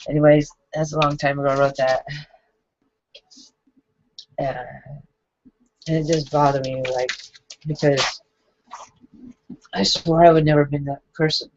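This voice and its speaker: Tearful woman in her forties, flat and halting. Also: deep voice, no echo. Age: 40s. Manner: halting, emotional, many restarts. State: crying. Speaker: vlogger. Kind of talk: confessional monologue. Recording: dull lo-fi home recording.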